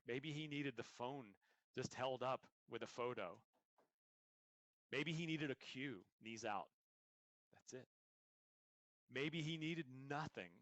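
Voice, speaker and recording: A man's voice: medium pitch, a bit bright, dry recording. Earnest man with a dry, close sound. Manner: earnest, frequent restarts and repeated words. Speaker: endurance coach and author. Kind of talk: conversational interview answers.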